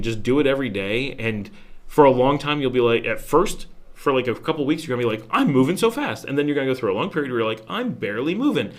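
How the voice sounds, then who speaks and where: An American man hosting a casual livestream, answering viewer questions in a rambling, chatty way with many restarts. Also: mid-range voice. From United States. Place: home in Nicaragua.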